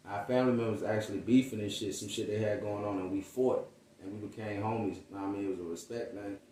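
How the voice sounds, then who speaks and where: A male rapper from Virginia tells his story in loose, slang-filled talk. He drops into quick impressions of the people he quotes. He sits back from the mic in a room with a lot of echo. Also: fairly low pitch, a little hiss or hum. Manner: animated, slangy, acts out quoted voices. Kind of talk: casual storytelling interview. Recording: roomy echo, distant mic.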